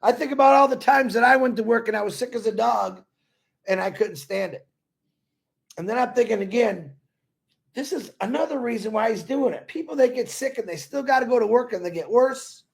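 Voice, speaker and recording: A man gives a rambling, earnest pep talk and keeps coming back to the same points. His voice sits high for a man and has a gravelly edge. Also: a little fast. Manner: earnest, rambling, repeats himself. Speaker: company supporter talking to members. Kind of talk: casual motivational talk.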